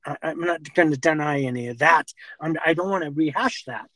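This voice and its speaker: A middle-aged man talking in a halting, rambling way with nervous laughter. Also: on the high side, fairly bright tone, no echo, rough recording. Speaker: confronted man. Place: parked car outside a fast-food restaurant.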